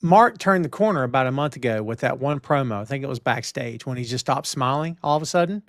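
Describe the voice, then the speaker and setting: A man's voice: mid-range voice, animated, fast talker, a bit bright, no room sound, clean studio sound. A man co-hosting a podcast in casual chat, opinionated and emphatic, talking from a home setup on a stream. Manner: opinionated, emphatic, old-school wrestling talk. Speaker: podcast co-host.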